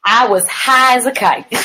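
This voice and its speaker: A woman's voice: on the high side, unhurried, pushed and bright, a little hiss or hum, rough recording. A woman evangelist sharing her personal testimony as a podcast guest, telling her story vividly and acting out what people said. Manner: addresses the host as "woman of God".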